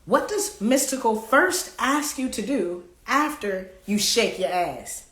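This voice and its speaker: This woman's voice is a little high, fairly bright and animated, and she takes her time. Running a live card game, she reads cards aloud in a playful manner and slips into song snippets amid a room's echo.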